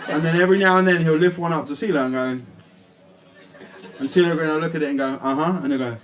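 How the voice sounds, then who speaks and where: Man spinning a lively stage anecdote. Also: on the high side, brisk, long pauses, some chatter behind. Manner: storytelling, mimics others, laughs along. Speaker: actor and panel guest. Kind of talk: animated anecdote with acted-out voices. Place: live stage event with an audience.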